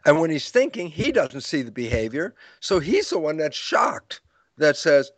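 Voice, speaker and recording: A man's voice: a little high, very animated, normal speed, no room sound. An older man explaining ideas in an interview, acting out his own lecture stories with quoted dialogue and frequent laughs. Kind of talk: storytelling explanation in conversation.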